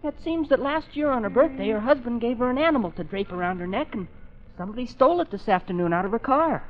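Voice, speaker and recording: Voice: medium pitch, quick pace, close to an everyday voice. A performer voicing an eager, whiny teenage boy in a 1940s radio drama. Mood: excited. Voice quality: whiny, excitable. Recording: lo-fi old radio broadcast.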